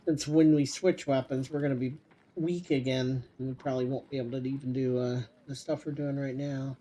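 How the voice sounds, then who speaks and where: A man giving casual commentary while playing a video game, thinking aloud in a relaxed, rambling way. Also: mid-range voice, fairly quick, slight background noise. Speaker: gamer streamer.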